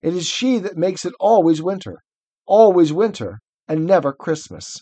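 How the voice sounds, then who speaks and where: A man's voice: sits high, very animated, moderate pace, dark tone, husky, no echo, voice pushed up, exaggerated voice. A man voicing a remorseful male faun who sobs and pleads as he reads a novel aloud. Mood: sobbing remorse. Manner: tearful, pleading.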